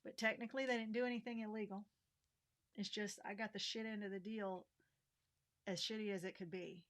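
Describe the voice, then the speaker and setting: A woman's voice: mid-range voice, fairly even intonation, a little fast. Frank, venting middle-aged woman vlogger. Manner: frank and venting, with swearing, fillers and laughs. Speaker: vlogger and teacher. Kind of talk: candid personal vlog.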